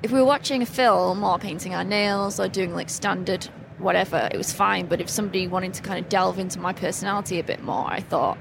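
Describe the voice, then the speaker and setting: A woman's voice: fairly low pitch, fairly quick, creaky, few pauses. A woman, a guest in a casual podcast chat, talking candidly and with self-deprecating humour. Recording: noisy background hiss.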